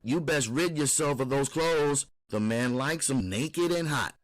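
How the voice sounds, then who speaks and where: A man's voice: mid-range voice, measured pace, no room sound, voice pushed up, lightly acted. A man voicing a streetwise middle-aged woman who runs a brothel, drawling endearments like honey and baby. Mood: coaxing. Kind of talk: audiobook character voice.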